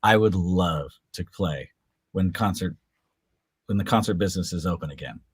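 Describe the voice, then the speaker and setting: A man being interviewed as a guest musician, answering in a measured, dry, guarded way. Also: low voice, breathy edge, no room sound. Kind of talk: casual interview chat.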